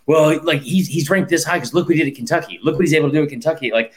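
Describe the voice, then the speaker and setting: A man hosting a sports podcast, telling animated, profane stories in casual chat. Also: fairly high pitch. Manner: animated and profane, rapid storytelling. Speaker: podcast host.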